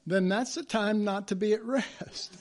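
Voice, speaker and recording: A man's voice: high-pitched, measured pace. A man preaching a sermon in a conversational way, acting out biblical quotes as he goes.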